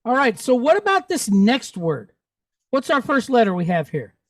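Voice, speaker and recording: A man's voice: extremely high pitch, big pitch swings, moderate pace, dry recording. A man teaching a Hebrew class, patiently drilling sounds and checking that students follow. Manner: patient, checks understanding often; drills pronunciation aloud.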